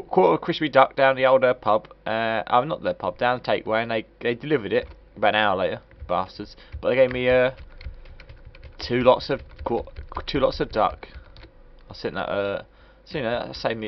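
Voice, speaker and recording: A man's voice: medium pitch, brisk. A man giving a crude, rambling, joking commentary while reviewing a video game. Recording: dull lo-fi recording.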